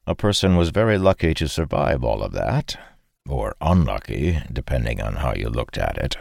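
Deep-voiced male audiobook narrator. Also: sing-song, normal speed, gravelly, darkish tone, no echo, studio quality. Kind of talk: scripted fantasy narration.

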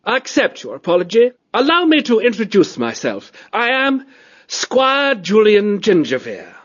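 A man narrating a storybook and voicing a cultured, disdainful male cat aristocrat with a high, reedy tenor voice. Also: wildly swooping pitch, normal speed, fairly bright tone, dull audio, exaggerated voice. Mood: weary. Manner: fussy, disdainful, plummy.

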